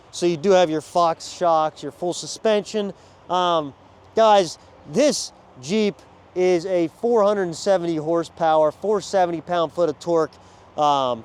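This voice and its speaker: A man showing off vehicles on a dealership lot outdoors, talking to viewers in a casual, energetic walkaround. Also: sits high. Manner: energetic, chatty, addresses viewers as guys. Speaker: car salesman at a dealership.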